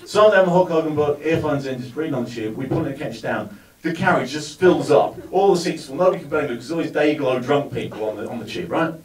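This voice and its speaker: A stand-up comedian performs a set at a live comedy venue with an audience, telling wry stories that build to punchlines. His voice is a little high, expressive, and quick, and the recording sounds roomy, with the mic far from him.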